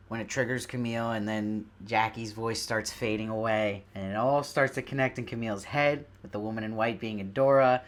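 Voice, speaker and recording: A man with a voice of ordinary, middle pitch hosts his own review show and talks through a TV episode in a loose, conversational way. He sounds enthusiastic and often turns to his audience with questions. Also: fairly bright tone. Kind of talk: casual spoken episode review.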